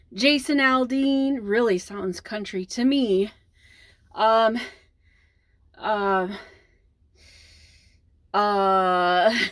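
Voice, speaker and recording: A young woman from the Midwest with a Midwestern accent, rambling casually to camera in a vlog, with lots of ums and trailing pauses. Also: mid-range voice, dry recording. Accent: Midwestern American. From American Midwest. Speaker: vlogger.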